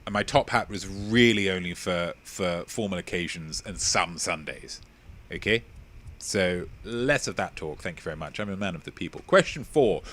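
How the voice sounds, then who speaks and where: A man from England hosts a live-streamed quiz, chatting with viewers in a playful, mock-pompous manner. His pitch swings around with lively energy.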